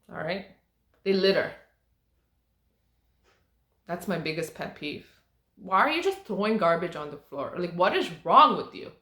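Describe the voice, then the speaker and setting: A young woman from Canada hosting a podcast, telling stories in a casual, animated way with plenty of swearing and acted-out quotes. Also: fairly low pitch. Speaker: podcast host. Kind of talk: casual storytelling monologue. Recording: echoey room.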